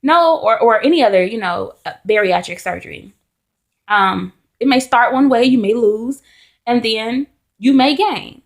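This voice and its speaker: A young adult woman vlogging in casual chat to camera, telling stories in a chatty, animated way with candid asides. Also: on the high side, a little slow.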